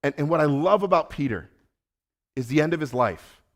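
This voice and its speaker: A man preaching a sermon, acting out the voices of Jesus and Peter and moving between loud, urgent lines and soft, hushed ones. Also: fairly high pitch, animated, brisk. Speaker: pastor.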